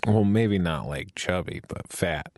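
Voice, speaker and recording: A man's voice: sits low, unhurried, no echo, studio quality. A man hosting a casual podcast chat, joking and rambling as he tells stories. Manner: joking, rambling, animated storytelling.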